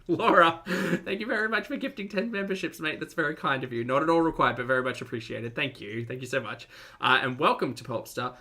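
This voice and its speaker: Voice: mid-range voice, animated, normal speed, bright, forceful tone. A streamer doing casual live-stream commentary, wry and exasperated. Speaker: streamer reacting to videos.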